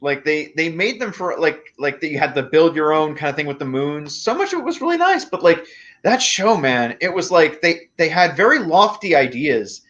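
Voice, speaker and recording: A man's voice: on the high side, expressive, moderate pace, fairly bright tone. Rambling man on dull call audio. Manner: rambling, analytical. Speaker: guest. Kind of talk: casual chat.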